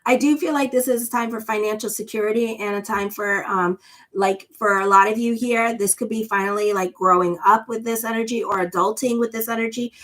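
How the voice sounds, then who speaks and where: A woman's voice: on the high side, steady tone, fairly quick, fairly bright tone. A woman astrologer giving a casual tarot reading, chatty and blunt, with lots of fillers. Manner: chatty, blunt and sassy, many "you know" fillers.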